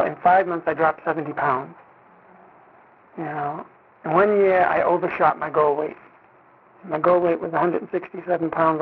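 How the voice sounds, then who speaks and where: A man's voice: on the high side, a little hiss or hum. A man giving a personal recovery testimony in a conversational way, often saying "you know" and acting out what people said to him. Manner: conversational, often says "you know", acts out quoted dialogue. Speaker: speaker sharing at a recovery meeting. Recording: tinny phone-line sound.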